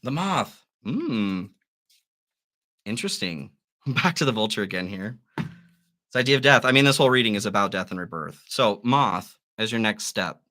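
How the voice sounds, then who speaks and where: Guy doing a live tarot reading, lowish voice but really bright, chatty and encouraging. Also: animated, moderate pace. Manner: musing, gently encouraging, with soft laughs. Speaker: tarot reader.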